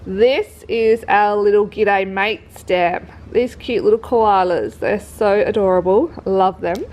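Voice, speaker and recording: A woman's voice: medium pitch, slow pace, a little mellow, poor audio. A woman with an Australian accent, who says she is sick, chattily walking through a craft kit and gushing over each item. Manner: chatty, gushing, lots of fillers. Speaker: craft shop presenter. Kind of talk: casual product walkthrough. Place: work premises.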